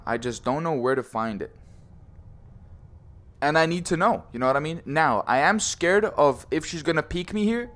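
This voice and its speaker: A man's voice: on the high side, expressive, normal speed, fairly bright tone, faint music behind. A young man commenting on a horror VR game, joking, swearing and teasing, often saying bro. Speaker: gaming YouTuber.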